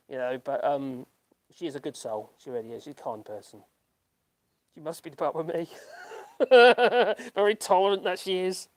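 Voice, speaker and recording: A man chats through a casual live stream from his home, reading viewer comments as they come in. He rambles along in a self-deprecating way, laughs at himself often and keeps stopping to restart his sentences. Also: sits high. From United Kingdom. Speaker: YouTube channel host. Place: at home in rural France.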